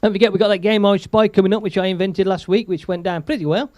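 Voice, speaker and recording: A man chats loosely on his live stream, laughing often and reading viewer messages aloud. His voice sits high for a man. The sound is dry and close, with no room around it. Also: fairly even intonation, fast talker, darkish tone, no room sound. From England. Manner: chatty, rambling, laughs often, reads viewer comments aloud. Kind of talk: casual live-stream chat.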